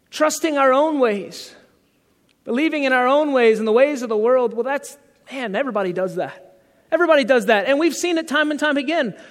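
A man's voice: very high voice, big-room sound. A male pastor preaching a sermon in a conversational way, asking the congregation rhetorical questions.

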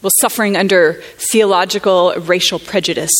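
A woman from the United States speaking at a conference, telling a personal story in an earnest, halting, reflective way. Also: lowish voice, fairly even intonation. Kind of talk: personal testimony talk.

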